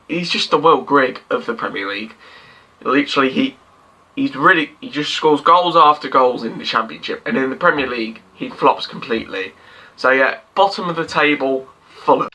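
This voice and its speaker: A man's voice: on the high side, sharp tone. A young man ranting casually about football, rambling, swearing and mocking himself. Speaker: football vlogger. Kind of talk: casual reaction vlog. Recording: dull lo-fi sound.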